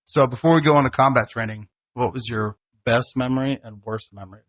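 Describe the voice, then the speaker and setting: A man's voice: mid-range voice, a little fast, a bit bright, no room sound. A middle-aged man hosting his podcast, prompting his son's stories with short, profane interjections in casual chat. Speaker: podcast host, former police officer.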